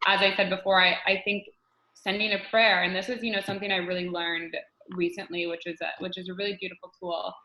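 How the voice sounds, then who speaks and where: A woman coach giving animated, spiritual interview answers, often restarting her sentences. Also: mid-range voice, roomy sound, a little hiss or hum, poor audio. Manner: animated, spiritual, repeats herself. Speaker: guest coach.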